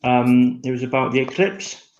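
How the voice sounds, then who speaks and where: A man chatting casually, telling stories in a rambling, animated way with lots of restarts. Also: mid-range voice, normal speed, slight background noise. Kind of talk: casual chat. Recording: dull lo-fi echoey room.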